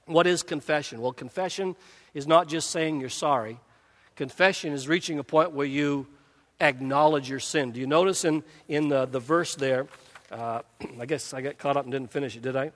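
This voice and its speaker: A man's voice: a little high, normal speed, fairly bright tone. A middle-aged man preaching a sermon, earnest and conversational, often restarting and putting questions to the congregation. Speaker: pastor. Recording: long hall reverb.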